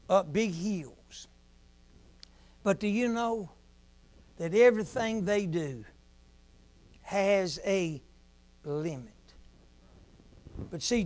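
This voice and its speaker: A man preaches in a rhythmic, repeating cadence. His voice sits very high, and he takes his time. He swings from shouted emphasis to soft, hushed asides. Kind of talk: sermon.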